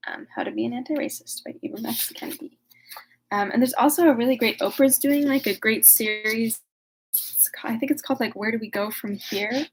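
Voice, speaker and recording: A woman's voice: on the high side, brisk, slightly rough, rough recording. A woman recapping a classic novel casually in a chatty, wry way, full of fillers, then reading it aloud. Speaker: reader and discussion leader.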